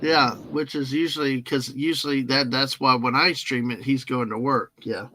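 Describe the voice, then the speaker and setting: A man hosting a live stream from a car, chatting in a relaxed, joking way. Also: mid-range voice, normal speed, a little hiss or hum, rough recording. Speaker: host of a live driving stream. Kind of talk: casual chat.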